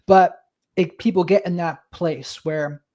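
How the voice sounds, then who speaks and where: A podcast host interviewing a guest, agreeing warmly and sharing personal experience in conversation. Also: medium pitch, fairly even intonation, a little slow, lo-fi sound. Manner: agreeable, affirming, opening up.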